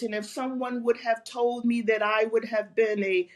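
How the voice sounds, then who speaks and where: A woman's voice: fairly high pitch, level tone, normal speed. A woman in her seventies, a fitness coach, speaking earnestly and with feeling as an interview guest over a video call. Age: 70s. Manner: earnest, heartfelt, emphatic. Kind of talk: interview conversation.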